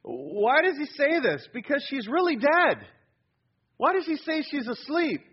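A man preaching a sermon as a pastor, animated and emphatic, prompting his congregation to answer. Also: very high-pitched, unhurried, muffled recording.

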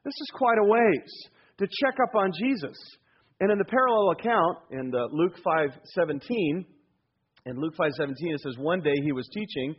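A male pastor preaching a sermon in a church, emphatic, moving between loud urging and low, hushed points. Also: moderate pace, breathy edge, muffled recording. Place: church sanctuary.

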